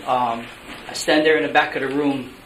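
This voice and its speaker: A man speaking Hawaiian Pidgin-tinged English angrily and bluntly testifies at a meeting, begging to be heard. His mid-range voice is steady and a bit bright at a moderate pace, recorded in an echoey large room with faint hiss.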